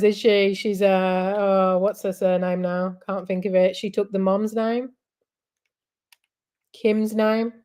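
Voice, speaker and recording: A woman's voice: medium pitch, darkish tone, clean tone. A woman hosting a casual live chat, rambling and giggling as she talks. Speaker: livestream host.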